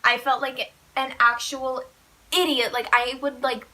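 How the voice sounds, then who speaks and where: A teenage girl spills a storytime to her viewers in a chatty, animated rush, with "like" in nearly every phrase. Her voice sits high and sounds bright and sharp. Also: a little slow. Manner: chatty, fillers of "like", animated retelling. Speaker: vlogger. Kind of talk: casual storytime vlog.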